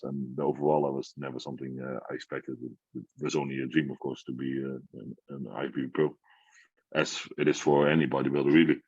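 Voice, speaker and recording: A young Dutch man with a very deep voice tells an excited story at a rapid clip, laughing often and filling gaps with "uh." His Dutch accent colors his English. The sound is dry and a little dull, as though it came over a remote podcast call. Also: no echo. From Netherlands. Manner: lively, excited, laughs often, many fillers. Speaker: guest bodybuilder. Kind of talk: casual storytelling.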